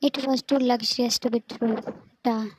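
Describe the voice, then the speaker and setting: A woman narrating a fanfic story, reading in a flat, even way and reading out the speaker tags. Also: fairly high pitch, unhurried, slight background noise, rough recording.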